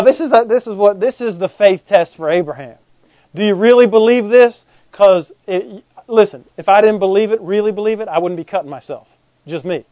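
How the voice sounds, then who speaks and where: Male pastor, high voice, jokey and conversational sermon, dry and dull lo-fi recording. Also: dry recording. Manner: humorous, conversational, asks the congregation questions.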